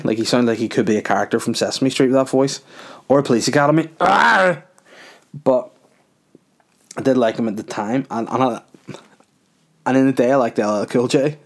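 A man hosting his own podcast, talking in a loose, jokey monologue. He rambles from point to point, peppering his speech with "like" and the odd swear word. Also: medium pitch. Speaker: podcast host and comedy club runner. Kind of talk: casual comedic monologue.

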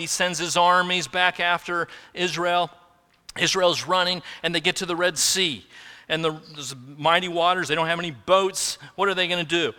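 A man preaching a sermon in earnest, building to emphatic peaks and then dropping low and slow. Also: pushed and bright, in a large hall. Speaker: pastor.

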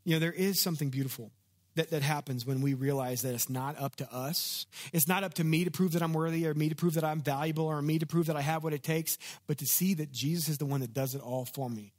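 A pastor preaching in a relaxed, conversational way, telling stories and drawing the congregation in with questions. His voice sits a little higher than most men's. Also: fast. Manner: conversational, storytelling, asks congregation to respond. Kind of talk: sermon.

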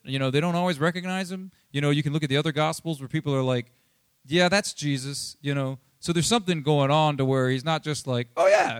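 Pastor guy preaching real casual, lots of "you know", acts out the bible bits, kinda high voice, dry. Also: no echo. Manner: chatty, animated, acts out Bible quotes, many fillers. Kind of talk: casual conversational sermon.

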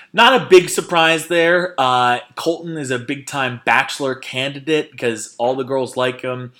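A man hosting a casual podcast, talking at a middle pitch for a man. He retells scenes in an animated, chatty way, slipping into quoted voices. His delivery is loose and conversational. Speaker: podcast host. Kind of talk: casual chat recapping a reality show.

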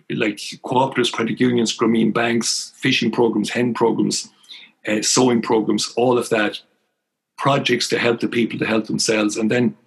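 An older Irish man with a gravelly, husky voice recounts his years as a priest. He tells his story to an interviewer in an earnest, emphatic way. His voice sits at an everyday pitch for a man. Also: low-quality recording. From Ireland.

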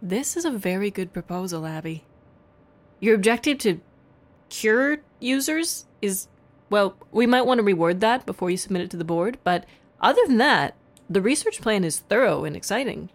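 An actress playing a doctor and mentor who talks earnestly and a bit hesitantly. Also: female voice, medium pitch, expressive, normal speed, close to an everyday voice.

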